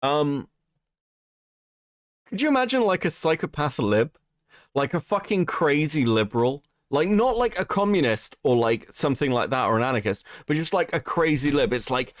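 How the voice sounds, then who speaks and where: A man giving casual, profane live-stream commentary on chat, animated and laughing often. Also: on the high side, normal speed, dry recording, clean studio sound.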